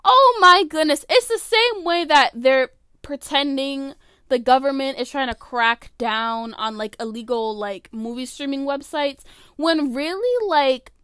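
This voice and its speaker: A woman's voice: high voice, lively intonation, a little slow, fairly bright tone, dry recording, clean studio sound. A young woman giving casual, opinionated commentary, rambling with lots of "like" as she goes. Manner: rambling, opinionated, heavy use of "like". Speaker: vlogger.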